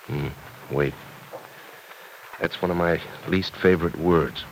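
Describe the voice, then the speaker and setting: A relaxed, teasing young fellow with a very deep voice in an old radio play. He talks in a reassuring way with an easy joking edge. The broadcast carries a faint hiss. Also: slow, poor audio. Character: easygoing, teasing young man, her former fiancé. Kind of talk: 1940s radio drama acting.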